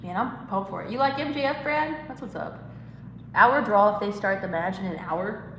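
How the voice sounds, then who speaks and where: A woman's voice: medium pitch, normal speed, a bit bright, echoey room, in a large hall, a little hiss or hum, rough recording. A woman hosting a casual live stream, rambling, giggling and reading chat comments aloud. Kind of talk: casual watch-along chat.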